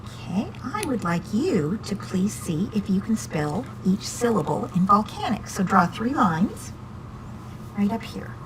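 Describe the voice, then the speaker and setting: A woman's voice: mid-range voice, big pitch swings, a little slow, background noise. Patient, encouraging woman reading teacher. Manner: encouraging, patient, asks many questions. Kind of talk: one-on-one reading lesson with a student.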